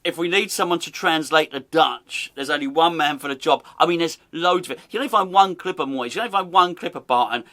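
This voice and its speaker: Man, podcast host, amused and teasing, laughs often, bright voice. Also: on the high side, quick pace, hardly any pauses. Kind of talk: casual comedic commentary.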